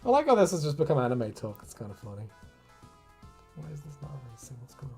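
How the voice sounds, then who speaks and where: Brief: streamer, animated up-and-down delivery, loose and sweary, faint music underneath. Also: mid-range voice, fast, vocal fry, slightly rough. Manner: laughs often, swears casually, rambling. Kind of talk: casual stream chat while drawing.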